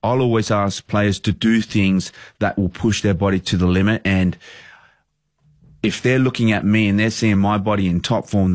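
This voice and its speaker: A man's voice: fairly low pitch, no room sound, studio quality. An Australian man around thirty, a football manager, talking earnestly and at length in a casual interview. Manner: earnest, rambling storyteller.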